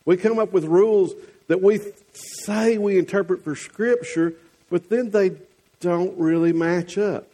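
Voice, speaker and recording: A man's voice: sits high, unhurried, warm tone. A man with a Southern US accent preaching a sermon as the church's pastor, folksy and teasing one moment, earnest the next.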